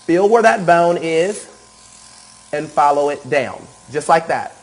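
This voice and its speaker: A man's voice: on the high side, lively intonation, takes it slowly, low-quality recording. A man giving a live makeup tutorial, enthusiastic and repetitive, often checking in with "okay?". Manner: enthusiastic, repeats cues and says okay often. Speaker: makeup artist demonstrating airbrush.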